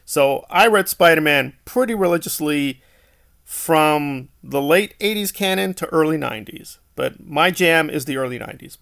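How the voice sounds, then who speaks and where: A man's voice: a little high, creaky, fairly bright tone. A man giving a casual, opinionated film review, exasperated and sarcastic, full of rhetorical questions.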